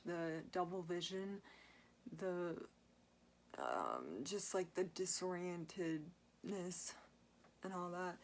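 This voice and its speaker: A woman's voice: mid-range voice, a little hiss or hum. A young woman vlogger telling a personal story in a casual, rambling way, full of fillers and asides.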